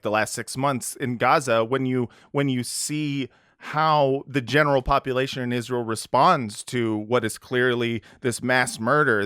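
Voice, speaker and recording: American guy rambling on a podcast, lots of likes and you knows, smooth clean voice, dry. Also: mid-range voice, a bit bright, no echo. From United States. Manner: rambling, lots of fillers and restarts. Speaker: podcast co-host. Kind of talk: casual political chat.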